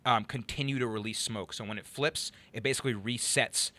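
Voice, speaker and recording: A young man co-hosting a casual radio-style chat show, relaxed and joking, with lots of fillers. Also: mid-range voice, fairly quick. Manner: laid-back, joking, loose with fillers. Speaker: podcast co-host.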